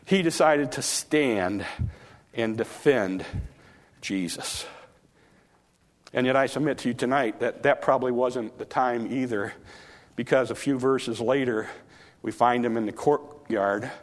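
Man, preacher, storytelling sermon, acted-out dialogue, slows and softens for emphasis. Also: mid-range voice.

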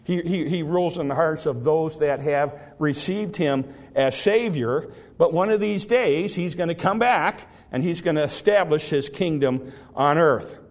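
A man preaches in a folksy, conversational way, his voice sitting a little high for a man. He stumbles and repeats words now and then, and draws out the scripture he reads aloud. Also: a little slow, few pauses. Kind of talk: sermon, Bible teaching.

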